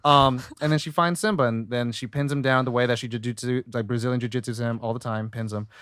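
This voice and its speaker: A man co-hosting a podcast, casually recapping a film in a rambling, slangy way with quick character impressions. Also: mid-range voice, steady tone, fairly bright tone, clear, resonant tone, dry recording, clean studio sound. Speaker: podcast co-host.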